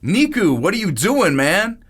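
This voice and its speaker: A man's voice: high-pitched, sing-song, a little slow, fairly bright tone, husky, voice pushed up, heavily acted. A man voicing a wary, uneasy young man. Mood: alarmed.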